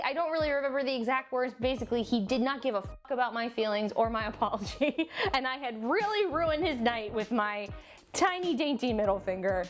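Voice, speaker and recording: Speaking at a normal speed in a voice on the high side, a young New Jersey-accented vlogger recounts a story to her camera in a casual storytime format. Her telling is animated and self-mocking with playful exaggeration, and soft music plays underneath.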